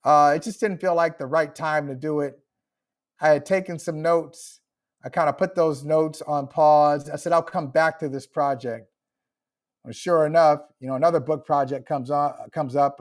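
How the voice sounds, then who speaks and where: Reflective author, a man with a higher voice. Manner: reflective, emotional, laughs often. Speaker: author guest. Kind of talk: podcast interview.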